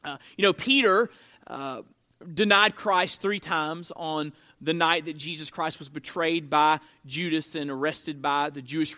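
Man, pastor, sermon, high bright voice, earnest storytelling. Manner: earnest storytelling preacher with dramatic emphasis.

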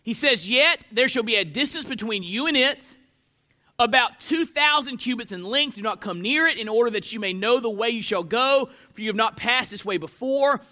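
A man preaching in a very high, sharp voice. He reads the passage and teaches from it, swelling on single words, then dropping back to let them land. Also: expressive, normal speed. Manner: emphatic, stretches key words with sudden swells in loudness. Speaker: pastor. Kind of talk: expository sermon.

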